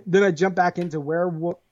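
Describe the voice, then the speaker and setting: Excitable higher-voiced man, lo-fi. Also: moderate pace, no echo. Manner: excitable, laughs a lot, swears. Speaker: podcast co-host. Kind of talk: casual chat.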